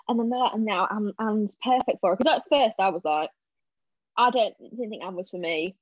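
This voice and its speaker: A young woman chatting casually as a podcast guest, telling animated stories and acting out what people said. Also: medium pitch, fairly quick, no echo. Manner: animated storyteller, acting out quotes. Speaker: podcast guest, stage actress. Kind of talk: casual chat. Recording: dull lo-fi sound.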